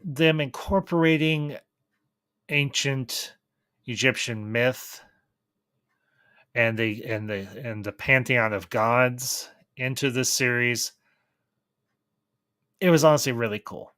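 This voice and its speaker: A man giving a casual, enthusiastic review of a TV series, pausing and restarting as he thinks aloud. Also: medium pitch, bright, forceful tone, clean tone, no room sound. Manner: thoughtful, enthusiastic, with frequent restarts. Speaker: film reviewer.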